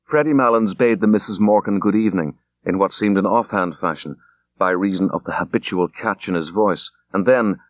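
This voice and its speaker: A man reading a classic story aloud as an audiobook, in an unhurried, measured narration. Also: low-pitched, no echo. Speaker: audiobook reader. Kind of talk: scripted narration.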